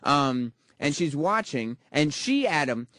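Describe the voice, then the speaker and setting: A man hosts a radio show in casual, teasing banter, leaning on fillers as he talks. His voice sits a little high. The studio mic gives a dry, close sound. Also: very animated, slow pace, fairly bright tone, no room sound. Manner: chatty, teasing, many fillers.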